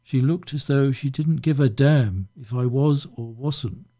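Slow, dark-voiced male audiobook narrator. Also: medium pitch.

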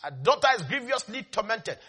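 A man preaching voices a desperate woman screaming for mercy for her daughter, in shrill pleading shouts. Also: sing-song, brisk, breathy edge, full character voice.

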